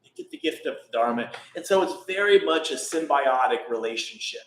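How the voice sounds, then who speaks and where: A man's voice: medium pitch, animated, brisk, a bit bright, slight background noise. A man, a meditation teacher, tells a teaching story informally, rambling with many fillers and restarts, in an echoey room. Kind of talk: dharma talk, storytelling.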